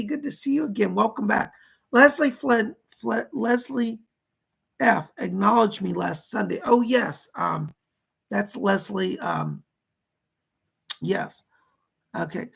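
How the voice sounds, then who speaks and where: A male psychic medium on a live stream, reading out viewer donations and questions and relaying spirit messages with lots of "he said". He sounds hoarse and coughs now and then. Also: high-pitched, takes it slowly, long pauses, fairly bright tone.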